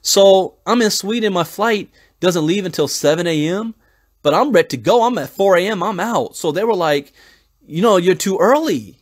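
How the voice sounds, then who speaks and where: A man in his forties hosting a crypto channel. He reads an article aloud and breaks off into rambling, thinking-out-loud asides and stories, with frequent restarts and chuckles. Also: high-pitched, normal speed. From United States. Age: 40s. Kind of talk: casual commentary, reading an article aloud and breaking off to tell stories.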